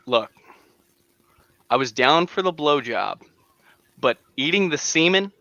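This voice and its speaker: A man's voice: on the high side, lively intonation, takes it slowly, sharp tone, dry recording, muffled recording, heavily acted. A man doing a matter-of-fact female whale.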